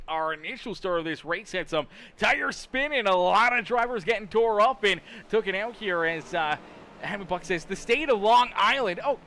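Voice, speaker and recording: A young man commentates live play-by-play for a sim racing league in a very high, bright, forceful voice, answering chat and teasing viewers between calls. He repeats phrases and stumbles over words, with slight background noise.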